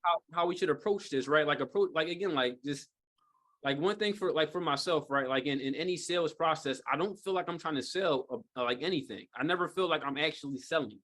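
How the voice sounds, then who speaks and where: A man's voice: a little high, a little fast, fairly bright tone. A man giving a live sales training talk to a group, speaking in a casual, rambling way with lots of fillers and rhetorical "right?" checks. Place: training room with a live audience.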